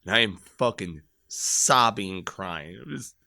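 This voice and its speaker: Speaking slowly in a low voice, this thirty-something podcast guest from Michigan shares crude, profane stories loudly during a casual chat, sometimes bursting into shouted re-enactments. The studio sound is clean, with no echo.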